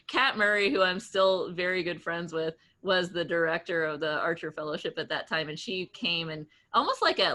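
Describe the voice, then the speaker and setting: A woman in her late thirties talks as an interview guest, her bright, forceful voice set a little low for a woman. She tells her stories in an animated, chatty rush, laughing often and restarting sentences as she goes. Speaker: guest entrepreneur. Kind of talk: casual interview storytelling.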